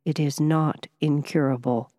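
A woman voicing a calm, serious male wizard and scientist who speaks quietly and in a measured way. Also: low-pitched, dry recording, studio quality.

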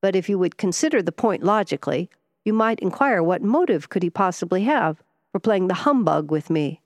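A woman's voice: on the low side, expressive, a little fast, dry recording, lightly acted. A woman voicing a testy, ailing older male millionaire who speaks with vexed impatience.

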